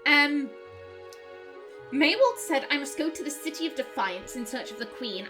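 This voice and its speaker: A woman chats through a game in a high, very lively voice, animated and chatty. She reads lines aloud as casual commentary. Faint game music sits under her voice. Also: normal speed, long pauses. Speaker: let's play host.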